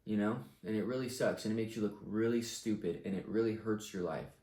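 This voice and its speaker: A man's voice: on the low side, fairly quick, mellow. Young man, blunt, profane, confident, casual advice rant, echoey room. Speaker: vlogger giving life advice.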